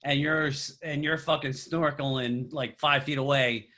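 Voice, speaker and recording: A man's voice: medium pitch, steady tone, normal speed, bright, forceful tone. A man in casual podcast chat, reasoning aloud with hesitant restarts.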